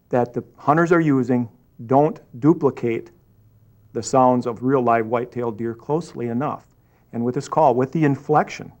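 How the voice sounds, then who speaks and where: A man explaining the ways of hunting calls in an earnest, conversational way, often restarting as he thinks. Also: medium pitch. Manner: earnest, repeats himself while thinking. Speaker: hunting call expert. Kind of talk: explaining on camera.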